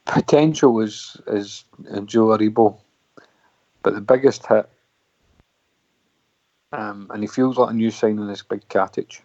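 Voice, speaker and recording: A Scottish man on a radio panel, measured with a dry sense of humour. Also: lowish voice, dark tone, no room sound. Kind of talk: casual radio chat. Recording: dry, dull lo-fi audio.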